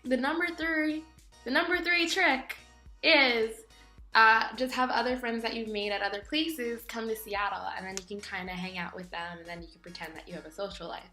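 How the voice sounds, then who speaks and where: Chatty young woman in an echoey room. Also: a little high. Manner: animated, jokey, acts out voices in her stories. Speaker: vlogger. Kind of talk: casual storytelling vlog.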